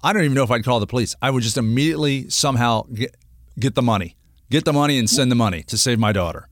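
A middle-aged man hosting a talk radio show, speaking at a plain mid pitch. He talks earnestly and rambles, stopping and restarting often. His voice is close and dry in a studio. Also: quick pace, no echo. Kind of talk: casual radio talk segment.

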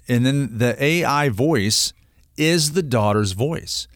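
A man's voice: medium pitch, expressive, slow, no room sound, studio quality. A middle-aged man hosting a radio talk segment, talking earnestly and rambling with lots of fillers and restarts. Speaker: radio show host.

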